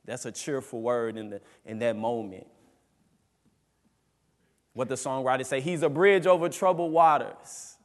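A man preaching a sermon as pastor, emphatic, swinging between loud rises and quiet drops. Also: mid-range voice, steady tone, unhurried, pauses often, long reverb tail. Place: church sanctuary.

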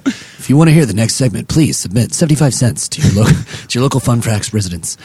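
Playful lively-voiced male comedy host. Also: medium pitch, quick pace, slightly rough, no echo. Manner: playful, rambling, self-mocking. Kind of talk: comedic banter.

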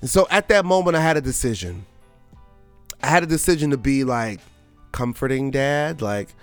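A man's voice: mid-range voice, a little fast, soft background music. A man hosting a podcast, telling a family story in a chatty, casual way with lots of fillers. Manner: animated and chatty, full of fillers. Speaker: podcast host.

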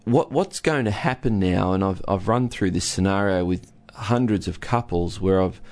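A man's voice: sits low, moderate pace, a little mellow. A man who counsels couples, explaining listening through an everyday story, acting out both partners as he goes. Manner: storytelling, acts out husband and wife. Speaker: relationship counsellor. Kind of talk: casual teaching talk with a co-host.

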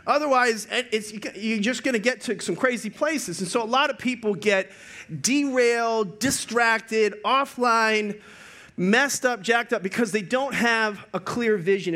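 A male pastor preaching a sermon in a high, bright voice. He jokes and tells stories with plenty of energy. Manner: joking, storytelling, energetic.

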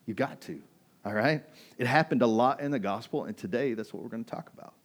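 A man preaching a sermon in a relaxed, conversational way, telling a personal story and turning to ask his congregation questions. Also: medium pitch, quick pace. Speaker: pastor. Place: restaurant used as a church hall.

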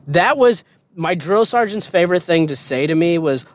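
Profane storytelling man, voice sitting high. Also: lively intonation, moderate pace, a little hiss or hum. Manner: profane, laughing often. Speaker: podcast host telling a story. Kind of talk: casual storytelling.

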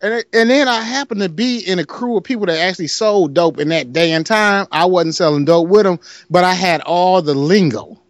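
A Detroit-accented podcast co-host with a distinctly high voice rattles off a rambling story with few pauses in a casual storytelling chat. Animated and quick to laugh, he plays the other voices himself, and the recording is dry and close.

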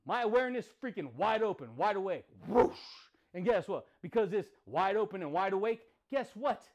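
A man's voice: high voice, expressive, brisk, highs cut off. A man hosting a podcast, giving an intense, profane motivational monologue in punchy, repeated phrases. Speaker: podcast host.

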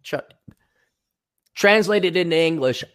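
A man in loose, unscripted conversation, cursing freely and speaking his mind without softening it. His voice sits a little on the high side, and he drops into exaggerated impressions of other people while he rambles on. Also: slow, clear, resonant tone. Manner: blunt, profane, rambling with animated mock voices. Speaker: podcast co-host. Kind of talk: casual chat.

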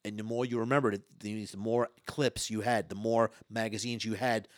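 A man, a stage hypnotist and former comedian, telling stories in an interview, talking fast and loud with lots of stammered restarts. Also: lowish voice, fairly even intonation, dry recording, clean studio sound. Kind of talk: storytelling interview talk.

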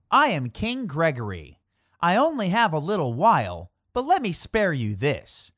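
A reader doing a boastful young king, grand and theatrical, speaking slowly and carefully. He opens his own adventure tale like a storybook, and the sound is close and dry. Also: mid-range voice, fairly bright tone, no echo.

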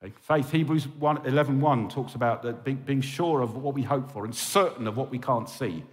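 In a reverberant hall, a man from England preaches a sermon with pleading passion, regularly checking in with an "okay?" His voice is medium-pitched and his delivery fairly quick.

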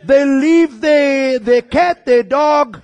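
A male pastor preaching an impassioned sermon to his congregation, at times raising his voice to a shout and talking straight to them. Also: very high voice, very slow. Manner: talks directly to the congregation. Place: church.

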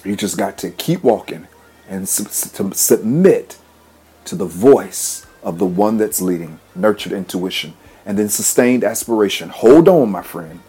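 A podcast host and preacher delivers a motivational sermon, repeating phrases rhythmically and emphatically as he leads affirmations. His voice sits low, dark and slightly rough, and he speaks a little slowly.

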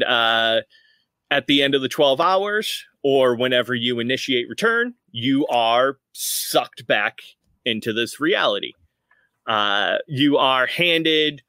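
A man's voice: medium pitch, bright, forceful tone, no echo. A man narrating as game master of a tabletop game, rambling with many fillers.

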